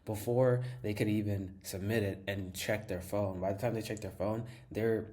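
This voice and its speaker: A man's voice: lowish voice, steady tone, normal speed, few pauses, dark tone. A man giving a casual, enthusiastic screen-share tutorial, often saying "like" and repeating phrases as he explains. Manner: enthusiastic, fills with "like" and repeats himself. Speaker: tutorial host.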